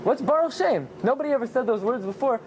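A man giving an animated Torah class, telling the story with lots of rhetorical questions. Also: very high-pitched, fast, a crowd in the background. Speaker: rabbi teaching Torah.

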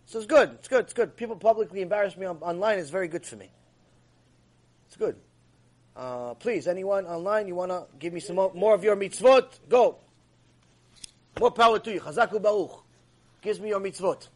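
A man giving an animated, emphatic ethics lecture as a Torah teacher. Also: high voice, moderate pace, long pauses.

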